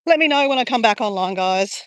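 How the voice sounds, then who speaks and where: A woman's voice: a little high, lively intonation, a little fast, fairly bright tone, no room sound. Chatty woman on a beach stroll. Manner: rambling and chatty, greets viewers while walking. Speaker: live-streaming vlogger. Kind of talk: casual live-stream chat. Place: outdoors on a beach.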